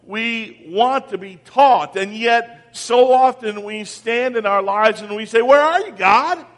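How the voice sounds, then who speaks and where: A pastor with a high voice preaches slowly and deliberately, his sermon moving between ringing calls and hushed near-whispers. His intonation stays fairly even, and a long reverb from a large church hall trails his words.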